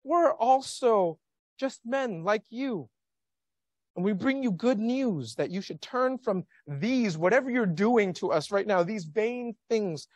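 Animated male pastor preaching. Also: high-pitched, slow pace, no room sound. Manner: animated, questioning the congregation. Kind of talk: sermon. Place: church sanctuary.

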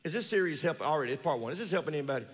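A fairly high-voiced man preaching to his congregation in a church with a long ringing reverb. He stretches scripture out slowly, then drops into low, quiet asides and calls for the people to read along with him. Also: animated, a little hiss or hum. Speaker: pastor. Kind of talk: sermon. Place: church sanctuary.

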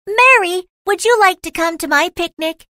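Woman as a petulant schoolgirl, very high and bright. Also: moderate pace, no room sound, clean studio sound. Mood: sweet. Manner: shrill, petulant. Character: proud spoiled schoolgirl, easily offended.

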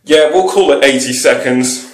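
A man's voice: medium pitch, moderate pace. A cheeky young Englishman with an English accent, rambling and swearing casually as he films a vlog. His voice sits in a middle register. The indoor room gives it a noticeable echo. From England. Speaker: vlogger. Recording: echoey room.

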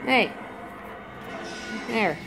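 A woman's voice: extremely slow, over music. A woman chatting casually to her cats at home, laughing, teasing and swearing as she films them. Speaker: cat owner filming her pets. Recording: noisy home video.

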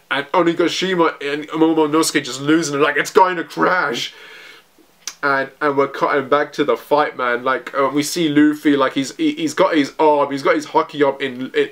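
A young man giving an excited, rambling recap of manga chapters, full of fillers and restarts. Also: medium pitch. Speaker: manga reviewer.

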